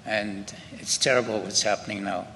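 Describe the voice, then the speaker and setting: An older man with a Scottish accent, giving slow, halting spoken testimony to an audience in a synagogue hall. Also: lowish voice, fairly even intonation, bright, forceful tone. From Scotland. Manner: slow, halting storytelling with many pauses and restarts. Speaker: Holocaust survivor giving testimony. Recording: reverberant hall with faint ambient noise.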